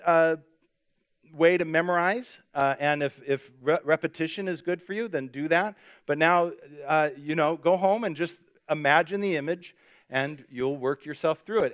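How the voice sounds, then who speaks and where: Animated smooth-voiced male pastor. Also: on the high side. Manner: lively storytelling, voice jumps up when acting out the scene; chatty, with many fillers. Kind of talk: sermon. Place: church service.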